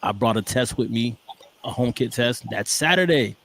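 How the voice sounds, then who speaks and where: A man co-hosting a podcast, telling a story in relaxed, rambling casual chat. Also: mid-range voice, normal speed. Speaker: podcast co-host.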